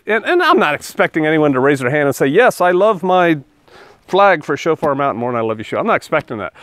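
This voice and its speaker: A man's voice: fairly high pitch, no echo. A male pastor preaching a conversational sermon, acting out scripture quotes in different voices.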